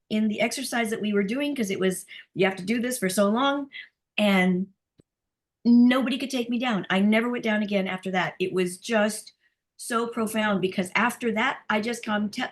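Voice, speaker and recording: Animated middle-aged woman telling stories. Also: mid-range voice. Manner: animated storyteller, laughs often, many restarts. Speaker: healing practitioner in a group talk. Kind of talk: casual storytelling chat.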